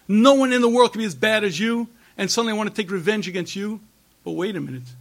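A middle-aged man giving an impassioned religious lecture, emphatic and repetitive, with rhetorical questions and frequent throat-clearing. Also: high-pitched, fairly bright tone. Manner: emphatic, rhetorical questions, repeats phrases for force. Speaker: rabbi giving a talk.

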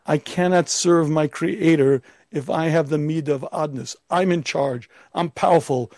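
A man's voice: a little high, normal speed, a little mellow, no echo. A man giving an emphatic Torah lecture as a rabbi, firing off rhetorical questions and now and then putting on a pompous, arrogant voice.

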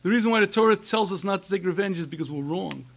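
A middle-aged man giving an impassioned religious lecture, emphatic and repetitive, with rhetorical questions and frequent throat-clearing. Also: sits high, fast. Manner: emphatic, rhetorical questions, repeats phrases for force. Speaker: rabbi giving a talk.

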